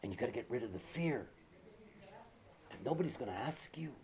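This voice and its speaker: A man's gravelly, darkish voice of medium pitch moves fairly quickly with lively intonation as he gives an informal lecture. Drawing on personal stories, he rambles with lots of fillers and asides, hammering key words through repetition.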